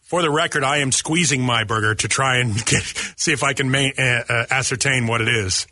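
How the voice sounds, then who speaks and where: Husky, bright-voiced radio co-host man. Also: medium pitch, a little fast, dry recording. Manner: joking, chatty, talks while chewing. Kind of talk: casual on-air banter. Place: radio studio. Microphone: studio microphone.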